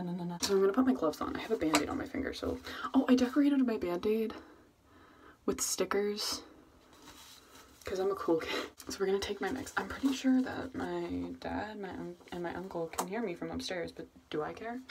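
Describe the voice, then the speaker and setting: A woman's voice: medium pitch, moderate pace, a little hiss or hum. A woman vlogging at home in a casual, rambling, self-mocking way, muttering asides to herself. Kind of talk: casual chat. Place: at home, indoors.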